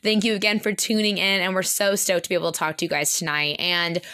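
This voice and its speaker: A woman's voice: on the low side, level tone, quick pace, sharp tone. A young woman co-hosting a casual faith podcast, bubbly and upbeat, full of "like" and "kind of". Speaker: podcast co-host.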